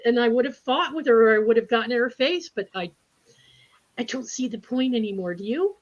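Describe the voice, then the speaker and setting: Woman, animated and laughing, does voices in her stories; slightly high voice, muffled stream audio. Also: fairly quick. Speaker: spiritual group speaker. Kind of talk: casual storytelling in a group chat. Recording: dull lo-fi livestream audio.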